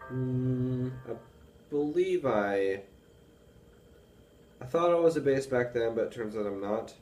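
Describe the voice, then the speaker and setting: A young man with a baritone voice, rambling casually to camera with many fillers about reading and analyzing music. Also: lively intonation, unhurried, a little mellow, distant mic. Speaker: music student vlogger. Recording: echoey room with faint music.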